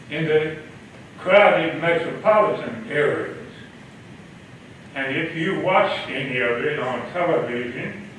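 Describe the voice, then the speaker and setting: A concerned citizen speaking to a town council through a face mask, muffled and measured, with halting pauses. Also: male voice, on the high side, fairly bright tone, slight background noise. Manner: slow, measured, halting delivery. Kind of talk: formal public comment. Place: large echoey council chamber. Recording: echoey chamber audio from far off.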